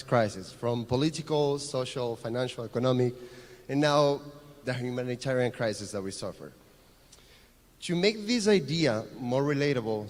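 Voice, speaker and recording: A man from Venezuela, a native Spanish speaker with a Venezuelan accent, giving an earnest, explanatory conference talk with fillers. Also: medium pitch. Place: conference hall. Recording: echoey conference hall.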